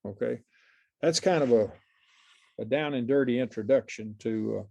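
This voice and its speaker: Older male Bible class teacher, gravelly, meandering and chuckly. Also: medium pitch, moderate pace, darkish tone, highs cut off. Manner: rambling, many fillers and restarts, chuckles often. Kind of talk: informal Bible class lecture.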